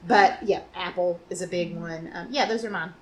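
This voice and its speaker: Chatty woman podcast co-host. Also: lowish voice. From North Carolina. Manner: chatty storyteller, quick affirming murmurs. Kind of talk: casual chat.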